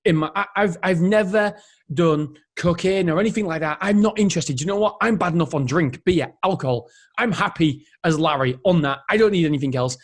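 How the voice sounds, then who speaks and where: Energetic man, higher voice. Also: brisk. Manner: energetic, rambling, self-interrupting. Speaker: podcast host. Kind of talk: solo motivational podcast monologue.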